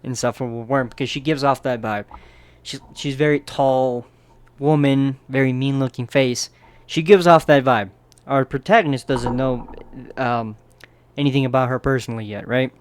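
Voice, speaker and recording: A man's voice: medium pitch, steady tone, moderate pace, smooth. A man casually narrating a manga chapter recap in a loose, chatty way, often tossing in "right?" to check in with his listeners.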